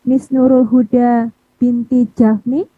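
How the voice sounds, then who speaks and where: High-voiced woman moderator, phone-thin audio. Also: little pitch movement, a little slow, no echo. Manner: hesitant, frequent "uh" fillers, politely apologetic. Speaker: conference session moderator. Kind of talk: moderating an online conference session. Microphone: video call. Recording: tinny, phone-like video call audio.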